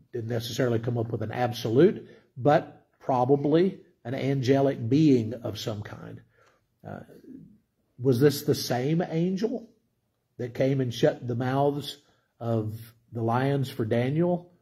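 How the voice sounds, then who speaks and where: Dark-voiced man teaching the Bible. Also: mid-range voice, slightly rough. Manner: conversational, asks the listeners questions. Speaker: pastor.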